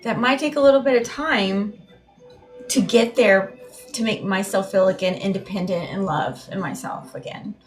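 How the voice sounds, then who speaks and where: A woman's voice: mid-range voice, moderate pace, music in the background. A woman giving a live tarot reading in a meandering, heartfelt way, often repeating and restarting her words. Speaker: tarot reader.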